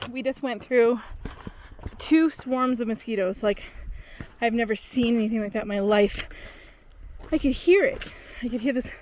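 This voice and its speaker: A woman from Vancouver Island talks casually to a handheld camera out on a mountain trail. She is tired but chatty and easily excited, and her voice sits slightly high. Faint background noise runs under her voice. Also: moderate pace, long pauses. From Vancouver Island, Canada. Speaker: long-distance hiker vlogging.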